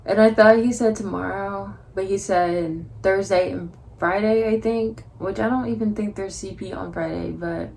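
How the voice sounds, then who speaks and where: A woman's voice: mid-range voice, fairly even intonation, moderate pace, creaky, hardly any pauses, a little mellow. A teenage girl vlogging casually, telling a story in a chatty, blunt way and swearing freely. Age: teens.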